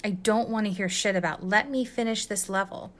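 A woman's voice: medium pitch, fairly quick, close to an everyday voice. A woman reading a story aloud and voicing a foul-mouthed, furious young male hero who barks and snarls insults. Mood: impatient.

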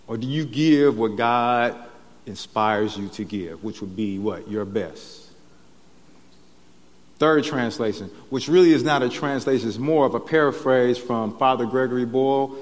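A man's voice: medium pitch, measured pace. Male pastor, chatty sermon delivery, tags lines with "right?", long church reverb. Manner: conversational preaching with frequent "right?" tags. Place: church sanctuary.

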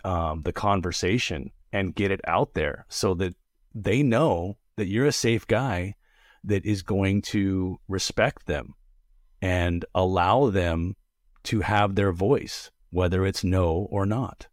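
Earnest man with a very deep voice. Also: no room sound, clean studio sound. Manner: earnest, measured, some stumbling repetitions. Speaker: podcast co-host. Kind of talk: casual discussion.

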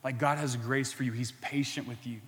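A man's voice: medium pitch, steady tone, a little fast, fairly bright tone. Earnest preacher man in a reverberant hall. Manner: earnest, builds to impassioned emphasis. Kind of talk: sermon.

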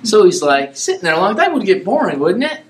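Male preacher, high-pitched, casual rambling delivery, echoey room. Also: very animated, fairly quick, a little hiss or hum. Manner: rambling and conversational, acting out characters in asides. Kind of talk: casual sermon retelling a Bible story.

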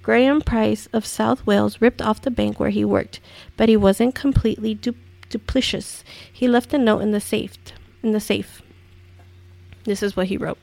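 A woman's voice: mid-range voice, gravelly, darkish tone, dry recording. A woman hosting a countdown video, reading each item and then reacting with incredulous, swearing commentary.

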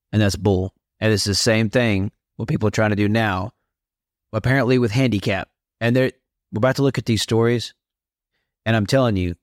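A man's voice: fairly low pitch, no room sound, clean studio sound. A man hosting a faith podcast, speaking in a blunt, preachy way while reacting to clips. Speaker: podcast host.

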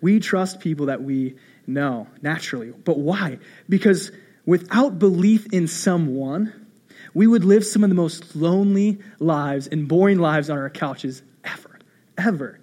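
Animated high-voiced man preaching a sermon. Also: a little slow. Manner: conversational preaching with self-deprecating humor; animated storytelling, repeating phrases. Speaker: pastor.

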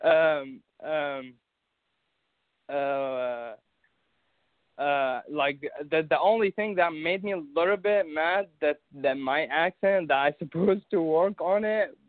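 Halting man on a tinny line. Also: fairly high pitch, no room sound. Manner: halting, many restarts and fillers. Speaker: guest recounting an event. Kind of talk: casual conversation.

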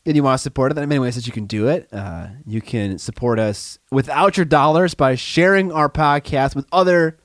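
A man's voice: mid-range voice, a little fast, few pauses, no room sound, clean studio sound. A man co-hosting a hobby podcast, chatting casually and joking, often trailing off into fillers. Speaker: podcast co-host. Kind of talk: casual chat.

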